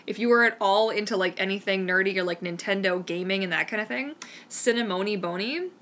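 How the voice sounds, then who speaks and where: A woman's voice: mid-range voice, a little fast, a bit bright, a little hiss or hum. A Canadian woman hosting a live-stream Q&A, chatting in a rambling, enthusiastic way. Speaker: mermaid vlogger hosting a live Q&A. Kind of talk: casual live-stream chat.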